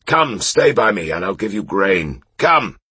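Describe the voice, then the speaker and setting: A drunk, disgraced knight, slurring and wistful, rising well above a man's usual deep register. His voice swings widely in pitch and sounds a bit husky, recorded close and dry. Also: sing-song, unhurried, bright, forceful tone, dry recording, exaggerated voice. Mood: tipsy.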